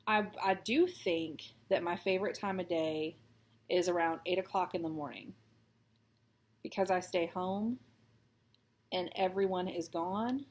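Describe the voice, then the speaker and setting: Slow, chatty Texas-raised woman. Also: lowish voice. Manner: chatty, rambling, self-deprecating. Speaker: stitching vlogger. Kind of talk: casual chat while stitching.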